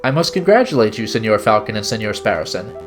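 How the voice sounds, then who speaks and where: Man doing a sly fox investigator, suave, courtly, faintly raised pitch. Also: sing-song, quick pace, music in the background. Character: sly male fox private investigator, smooth and theatrical.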